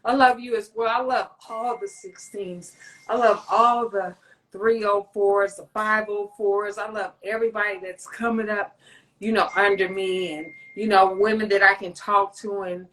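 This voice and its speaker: At normal speed, a woman with a steady, medium-pitched, slightly bright voice hosts a casual stream on a low-quality recording. She chats in a loose, meandering way, swearing and joking often.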